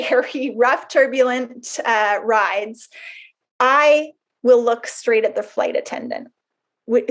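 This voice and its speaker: A woman with a fairly high voice talks through a webinar topic. She explains ideas earnestly and slips in casual, conversational asides as she goes. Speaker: webinar presenter.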